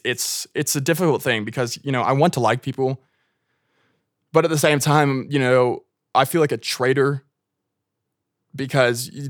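Young male guest, American, loose filler-heavy rambling, mid pitch, dry mic. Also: no echo. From United States. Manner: rambling, heavy filler words, frequent swearing. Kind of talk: casual podcast chat.

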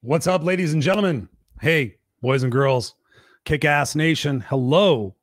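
A man's voice: fairly high pitch, measured pace, no room sound, studio quality. Tired, upbeat man hosting a live talk. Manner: energetic, greets viewers by name, coaching tone. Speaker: podcast host. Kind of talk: live-streamed motivational talk. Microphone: desk mic with monitors.

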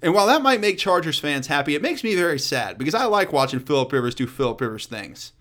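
A man hosting a casual solo sports talk show, blunt and profane, riffing with loud and quiet swings. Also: on the high side, very animated, moderate pace, long pauses.

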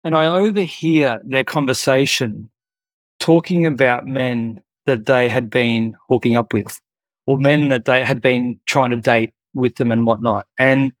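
A man's voice: mid-range voice, no room sound. Earnest man telling a story. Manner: earnest, heartfelt, with frequent fillers. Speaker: guest. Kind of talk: conversational storytelling.

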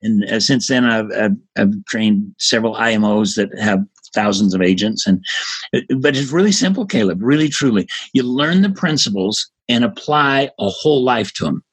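A man in his seventies, a guest in a casual interview, telling stories in an energetic, emphatic way. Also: on the low side, normal speed, breathy edge. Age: 70s.

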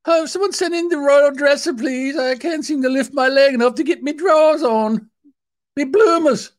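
A man's voice: very high-pitched, normal speed, voice pushed up. A man putting on the voice of a frail, whiny queen in her nineties, pleading melodramatically for help.

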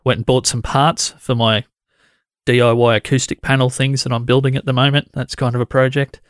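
An Australian man in a mid pitch hosts a podcast in a chatty, easygoing way. His voice is recorded close and dry, with no room around it. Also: level tone, brisk, dry recording. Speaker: podcast host. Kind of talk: casual conversational interview.

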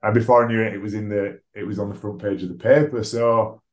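A low-voiced man talks candidly about his own life, frank and ready to laugh at himself, with the odd swear word. His voice bounces around a roomy space. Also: steady tone, quick pace, darkish tone. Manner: frank, swears freely, self-deprecating humour. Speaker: guest, rugby league player. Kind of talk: candid conversational storytelling. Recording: roomy echo.

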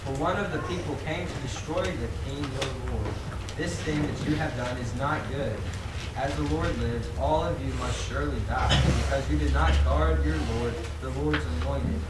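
Man reading scripture in echoey room. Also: mid-range voice. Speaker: scripture reader. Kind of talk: Bible reading aloud. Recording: echoey room, far from mic, loud noise.

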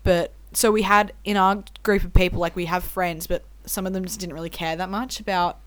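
A woman's voice: fairly low pitch, fairly even intonation, fairly quick, a bit bright, no echo. A young woman, a podcast guest in casual chat, rambling and giggly.

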